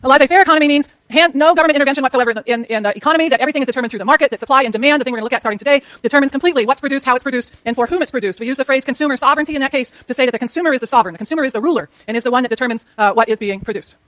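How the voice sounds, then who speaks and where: Delivering a university economics lecture at a rapid pace, a middle-aged woman speaks in a high, fairly bright voice. She keeps the tone conversational and repeatedly questions her students, recorded dry and close with no echo.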